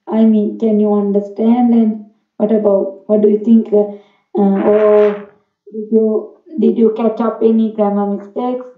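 A woman's voice: medium pitch, level tone, a little slow, soft background music. A woman learning English, speaking hesitantly on a casual practice call, with many fillers and restarts. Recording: tinny phone line, echoey room, far from the mic.

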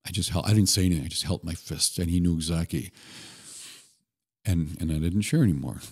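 A man guest on a podcast, telling stories in an earnest, relaxed way with occasional restarts. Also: low voice, brisk, vocal fry, breathy edge. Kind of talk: conversational storytelling.

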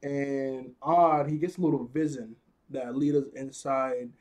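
A man's voice: mid-range voice, steady tone, a little slow, darkish tone. A man casually recapping a cartoon episode in slangy talk, often laughing and correcting himself.

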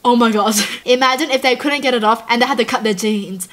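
A woman's voice: on the high side, a little fast, fairly bright tone. A woman hosting a casual reaction video, bubbly and giggly, with playful mock outrage. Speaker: YouTube reaction host.

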